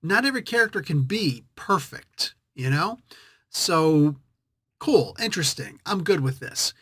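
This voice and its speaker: A man's voice: a little high, lively intonation, unhurried, a bit bright, breathy edge, no echo, clean studio sound. A man hosting a casual comic book review, rambling and correcting himself as he thinks aloud.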